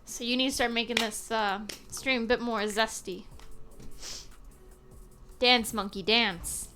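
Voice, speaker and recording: Joking woman on a stream, teasing, bit high voice, music faint. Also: steady tone, moderate pace, a bit bright. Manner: teasing, joking, laughs often. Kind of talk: casual chat.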